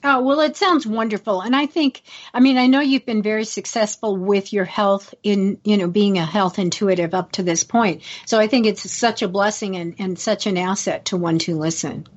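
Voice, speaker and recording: A woman's voice: mid-range voice, moderate pace, hardly any pauses. Affirming woman radio host, muffled audio. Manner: affirming, conversational. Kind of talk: radio interview chat.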